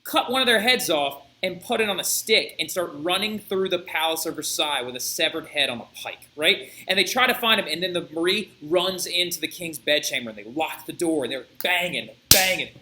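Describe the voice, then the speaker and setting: A young male history teacher gives a flipped-classroom video lecture as an animated story. His voice is very bright and sharp and sits a little high. He keeps checking in with his students as he goes. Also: brisk, few pauses, low-quality recording. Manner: animated storytelling, frequent "right?" check-ins.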